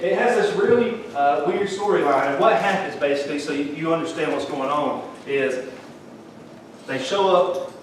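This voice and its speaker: In an echoey church sanctuary, a man with a fairly high voice delivers a homespun, chatty sermon laced with Southern turns of phrase. The mic sits at a distance, and there's a little hiss or hum.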